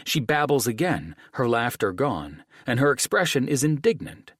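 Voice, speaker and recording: Brooding possessive male dragon, read by a man; husky, animated delivery, dry booth sound. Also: mid-range voice, no echo. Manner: grave, measured, formal phrasing. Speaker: audiobook narrator. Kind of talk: first-person audiobook narration.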